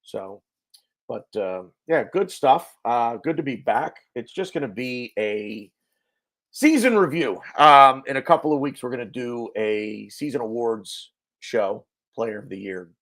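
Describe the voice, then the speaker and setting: Chatty male host of a fan show, animated pitch, jokey, many fillers. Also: a little slow. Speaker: podcast host. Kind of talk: casual fan show chat. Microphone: video call.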